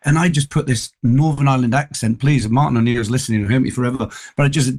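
A man's voice: mid-range voice, quick pace, hardly any pauses, darkish tone. A man, a tribute singer guesting on a radio show, chatting casually and telling stories with lots of restarts. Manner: chatty anecdotal storyteller, frequent restarts. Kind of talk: casual radio interview chat.

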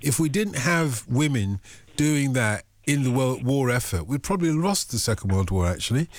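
Joking Liverpool radio host. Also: male voice, mid-range voice, animated, moderate pace, no echo, clean studio sound. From Liverpool, England. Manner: jokey, playful, teasing. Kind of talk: casual radio chat.

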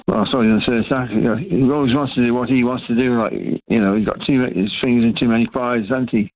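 A man's voice: medium pitch, steady tone, fast talker. A man calling in to a radio show, agreeable and giving short replies. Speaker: caller. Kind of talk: casual phone-in chat. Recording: tinny phone line.

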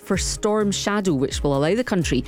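A woman co-hosting a breakfast radio show, chatty and quick to laugh, on a studio microphone. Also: medium pitch, lively intonation, darkish tone, soft background music. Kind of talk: live radio chat.

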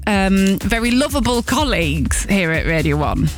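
A woman radio presenter with a Yorkshire accent, bantering with enthusiasm and quick reactions in a studio. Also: medium pitch, very animated, soft background music.

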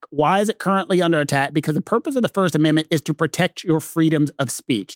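A man with a Southern American accent explains legal ideas in a casual talk-show conversation, leaning hard on key words and stretching them out for emphasis. His voice sits a little high for a man. The recording is close and dry, with almost no room sound. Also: dry recording. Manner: emphatic, slows down to stress key points. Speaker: legal podcast co-host.

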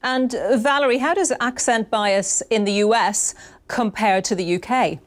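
A woman presenting the news and interviewing guests in a measured, clear newsreader delivery. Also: fairly high pitch.

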